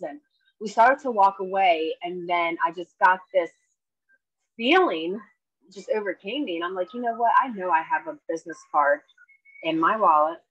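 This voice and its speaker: A woman's voice: fairly low pitch, pushed and bright, slightly rough, no echo, highs cut off. A woman telling a story on a video call in a chatty way, acting out both sides of a conversation. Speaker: network marketing distributor sharing a story.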